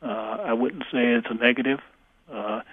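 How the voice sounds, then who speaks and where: A man who is an English professor, answering questions on a radio call-in show, halting with many fillers. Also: mid-range voice, steady tone, husky, no room sound. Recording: tinny phone line.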